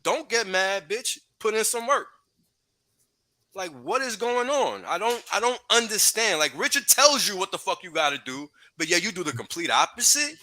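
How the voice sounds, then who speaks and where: A man's voice: sits high, animated, moderate pace, bright, forceful tone. A man hosting a livestream, ranting profanely and heatedly with frequent laughs. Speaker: podcast host.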